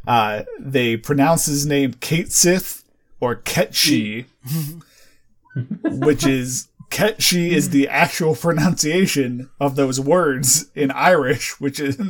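A man chatting casually on a gaming podcast, laughing often and rambling through his thoughts. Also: mid-range voice. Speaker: podcast co-host. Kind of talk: casual chat.

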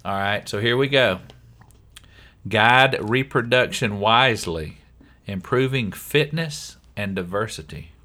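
A man's voice: fairly low pitch, a little slow, sharp tone. A man with a Southern US accent co-hosting a podcast in casual chat, often saying his co-host's name. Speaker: podcast co-host.

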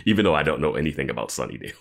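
Man, extremely low voice, lively pitch, casual podcast banter. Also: rapid-fire, vocal fry. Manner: chatty commentary, laughs, jokes about plot holes. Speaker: podcast co-host. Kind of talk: casual chat.

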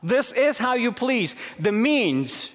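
A man preaching a sermon in earnest, moving between hushed low stretches and raised, emphatic questions. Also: big pitch swings, slow pace. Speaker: pastor. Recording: long hall reverb.

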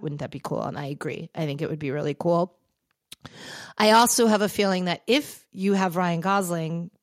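Casting note: woman, young adult, podcast host, low-pitched, chatty and emphatic, dry close recording. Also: dry recording. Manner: chatty and emphatic, drifting into excited gushing. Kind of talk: casual solo podcast monologue.

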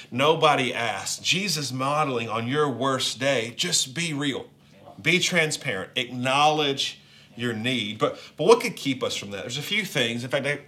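A man's voice: medium pitch, sharp tone. A man with a Southern accent, preaching a sermon in a conversational, joking way with playful asides. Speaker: pastor.

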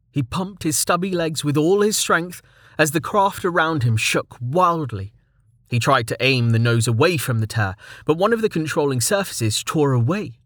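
Man, audiobook narrator, steady narration, medium pitch, dry recording. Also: no echo. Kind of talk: scripted narration.

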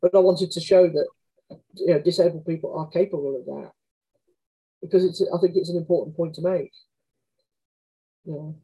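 A woman's voice: lowish voice, fairly even intonation, moderate pace, pauses often, warm tone, breathy edge, poor audio. A woman, an author telling candid stories in conversation, chatty and frank, often acting out quoted dialogue. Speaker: author guest.

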